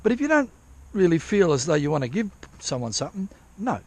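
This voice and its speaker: Gravelly, swearing rambling man. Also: a little high, sing-song, brisk. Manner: rambling, profane, self-interrupting. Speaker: vlogger prospecting for gold. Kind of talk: casual rambling vlog. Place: outdoors at a dig site in drizzle.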